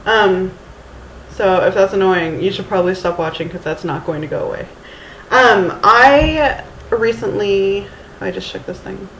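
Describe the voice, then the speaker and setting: A woman's voice: medium pitch, measured pace, a bit bright, slight background noise. A woman in her thirties from Houston, rambling casually in a storytime vlog with Valley Girl-like speech, lots of ums and restarts, into her camera's mic. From Houston, Texas. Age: 30s. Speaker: vlogger. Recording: roomy with faint ambience.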